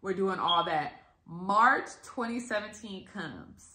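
Woman telling a story, cusses a lot, bright sharp voice, echoey room. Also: mid-range voice, takes it slowly. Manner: animated, profane, acts out quotes. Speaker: vlogger. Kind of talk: casual storytelling to camera.

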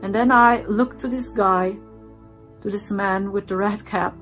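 A woman telling her own story in earnest, repeating herself and dropping to a hushed voice for the dark parts. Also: medium pitch, fairly even intonation, unhurried, faint music behind. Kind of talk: personal storytelling.

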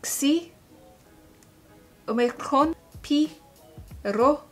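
Young woman vlogging from home, rambly and self-mocking, bit of a high voice. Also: extremely slow, faint music behind. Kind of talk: casual vlog chat.

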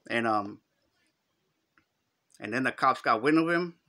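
A man's voice: mid-range voice, animated, measured pace, pushed and bright. A middle-aged man with a Chicano Los Angeles accent, telling a story in slangy street talk and acting out the quotes. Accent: Chicano English, Los Angeles. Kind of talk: casual storytelling.

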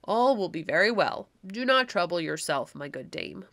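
A woman voicing a grave, kindly elderly male stranger in a storybook reading, slow and solemn. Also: fairly low pitch, expressive, fairly bright tone, no echo.

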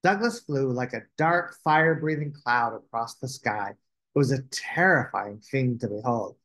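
A man hosting a children's storytime, reading a picture book aloud with expressive delivery. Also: medium pitch, normal speed.

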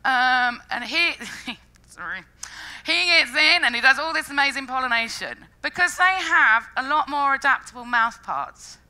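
A woman giving a lively, jokey public science talk, acting out funny quoted voices along the way. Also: high voice, moderate pace, low-quality recording. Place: lecture stage before an audience.

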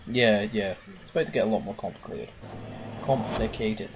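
A gaming video host casually commentates on a puzzle game while playing, excitable and prone to exclaiming and swearing at it. His voice is lowish and measured in pace, with background noise present.

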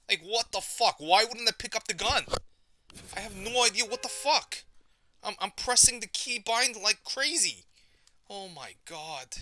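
A man's voice: high voice, bright, forceful tone. A young man streaming gameplay, ranting in frustration and swearing a lot. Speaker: gaming streamer. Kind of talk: live gameplay commentary.

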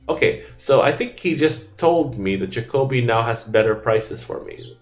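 A man's voice: medium pitch, expressive, moderate pace, soft background music. Offhand man narrating his gameplay. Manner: thinking aloud, offhand, trailing off. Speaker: let's play gamer. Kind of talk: casual gameplay commentary.

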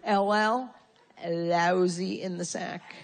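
A woman's voice: lowish voice, fairly even intonation, slow pace, slight background noise. Brash profane woman doing stand-up. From Connecticut, USA. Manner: brash, profane, punchy insult comic. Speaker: stand-up comedian. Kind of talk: stand-up comedy set. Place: live comedy venue with audience.

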